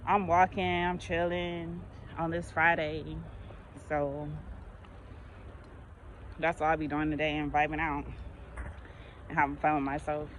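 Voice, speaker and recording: A woman's voice: low-pitched, a little hiss or hum, low-quality recording. A woman vlogger chatting casually while walking outdoors, rambling through her stories and laughing often. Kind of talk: casual chat.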